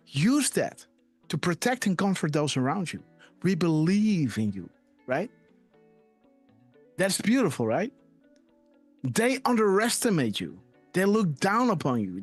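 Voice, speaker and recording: Male live-stream host, slightly high and very expressive, casual emphatic read-through with faint music under it. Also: no echo. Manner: emphatic, repeats "right?" and "you know"; emotional, trailing off softly at ends. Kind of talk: casual commentary reading posts aloud.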